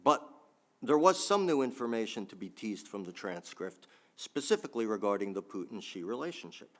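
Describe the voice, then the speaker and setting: A man's voice: fairly low pitch, sing-song, brisk, fairly bright tone. A man giving a think-tank panel talk with frequent ums and restarts, adding dry asides.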